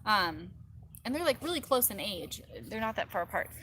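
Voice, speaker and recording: A chatty woman hosting a relaxed live stream from her backyard, her voice at an even middle pitch. She rambles along with plenty of filler words, and a faint outdoor hum sits behind her. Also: normal speed. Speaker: live-stream host and mother. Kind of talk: casual live-stream chat.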